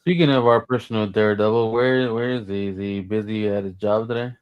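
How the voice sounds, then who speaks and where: Low-voiced man musing aloud. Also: fairly even intonation, brisk, clear, resonant tone, lo-fi sound. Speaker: livestream co-host. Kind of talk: casual chat.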